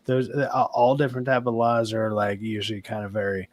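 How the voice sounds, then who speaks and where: A man's voice: on the low side, steady tone, fairly quick, darkish tone, no echo. Rambling, swearing male streamer. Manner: rambling, swears freely, laughs often. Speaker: streamer host. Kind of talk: casual chat.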